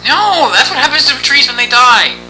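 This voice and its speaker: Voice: high voice, big pitch swings, normal speed, bright, forceful tone, a little hiss or hum, rough recording. A let's play commentator joking and teasing through casual gameplay commentary with friends.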